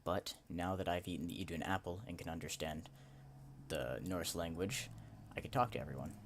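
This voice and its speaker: A man's voice: low voice, normal speed, slight background noise. A young man casually commenting on and reading through a video game he made, in a lightly sarcastic way. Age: young adult. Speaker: game maker playing his own game. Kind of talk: let's play commentary and reading.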